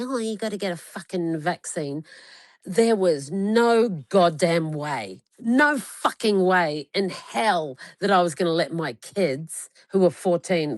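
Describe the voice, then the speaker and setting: A woman in her forties hosts a loose chat, telling stories with heavy swearing and plenty of emphasis. Her voice sits a little low for a woman. The sound is dry, with almost no room around it. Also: no room sound. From Australia. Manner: heavily profane, emphatic storytelling. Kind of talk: casual chat.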